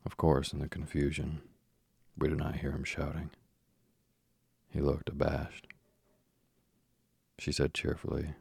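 Very deep, gravelly male narrator. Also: completely flat delivery, a little slow, pauses often, a little mellow, no echo. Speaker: audiobook narrator. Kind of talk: first-person literary narration.

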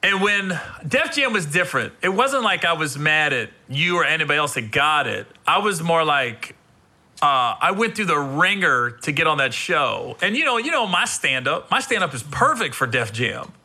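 A male comedian with a very bright, tense voice, telling stories in casual chat. His pitch leaps around lively as he acts out other people, swearing and laughing freely. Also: normal speed. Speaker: stand-up comedian, podcast host.

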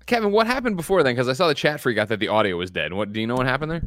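A man's voice: medium pitch, very animated, racing, a bit bright, no room sound, clean studio sound. A man hosting a casual show, brash and profane, rattling through the show intro with big energy. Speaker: co-host.

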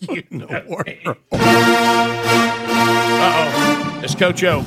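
A male radio host leads a comedy show and laughs along with the bits. He speaks slowly, a touch high. Music plays loudly behind him. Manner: laughing, introducing guests.

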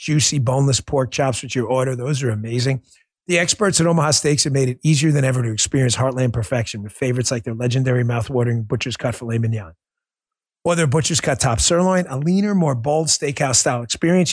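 A man's voice: mid-range voice, slightly rough. A man hosting a political talk show, reading ads casually and ranting with rising emphasis. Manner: animated, emphatic, rising to near shouting; conversational ad read. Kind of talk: live political talk and ad reads.

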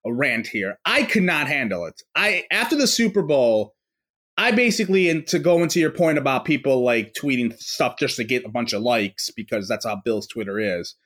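A man's voice: mid-range voice, lively intonation, normal speed, a bit bright. A man from New York, a podcast guest, ranting in casual chat, cursing and restarting often. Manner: ranting, profane, full of fillers and restarts.

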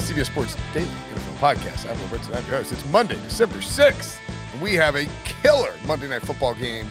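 A man hosting a sports betting podcast, talking in a jokey, animated way and laughing often. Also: mid-range voice, quick pace, over music. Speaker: podcast host. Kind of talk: casual sports betting chat.

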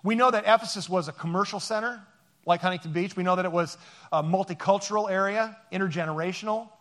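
A man's voice: sits high, quick pace, a bit bright. A man giving a conversational sermon as pastor, joking and rambling with many fillers.

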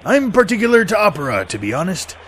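A man's voice: high-pitched, wildly swooping pitch, fast, fairly bright tone, a little hiss or hum. A man hosting a podcast in a comic pirate character, with a mock pirate accent, laughing at his own jokes.

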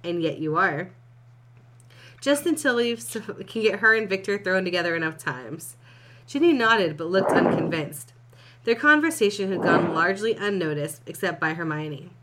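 A young woman with a lowish voice reads fan fiction aloud on a casual podcast. She breaks off often to laugh, comment and swear before picking the story back up. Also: a bit bright. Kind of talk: casual reading and chat.

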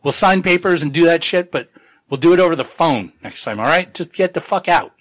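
A man voicing a troubled male trade official in a casual, profane way, somewhat higher than his own voice. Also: animated, unhurried, bright, forceful tone, breathy edge, exaggerated voice. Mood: angry. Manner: casual, profane paraphrase of a character.

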